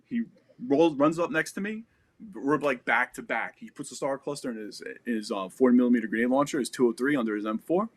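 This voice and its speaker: An American man in his forties sits as a podcast guest, telling a war story in casual, profane language. His voice sits at an ordinary middle pitch, and he tells the story in vivid detail, acting out the back-and-forth of the action. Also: brisk. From United States. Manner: profane, vivid, re-enacts dialogue.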